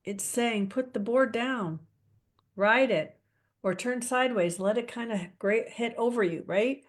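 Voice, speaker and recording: A woman's voice: on the high side, unhurried. Playful middle-aged woman host. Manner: playful, animated storytelling with laughs. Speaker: podcast host. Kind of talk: casual chat.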